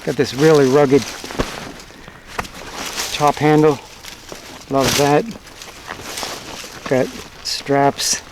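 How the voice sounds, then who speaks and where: A man hosting a bushcraft channel, giving a relaxed, plain-spoken gear review and listing items one by one. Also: medium pitch, background noise. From United States.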